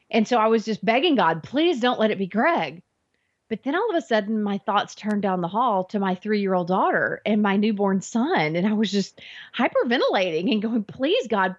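A woman guest in an interview, earnestly retelling a personal faith experience and acting out her own thoughts. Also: medium pitch. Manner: earnest, vivid retelling with acted inner thoughts. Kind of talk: personal faith testimony storytelling. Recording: dull lo-fi audio.

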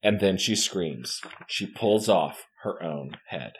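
A man reads a gamebook aloud to his friends with an animated voice. His pitch swings widely as he narrates, with casual asides in between. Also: takes it slowly. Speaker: game narrator.

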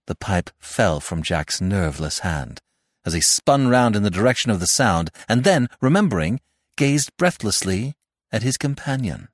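Male storyteller, low voice, dry close mic, expressive read. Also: normal speed, no echo. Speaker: narrator. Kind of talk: scripted narration.

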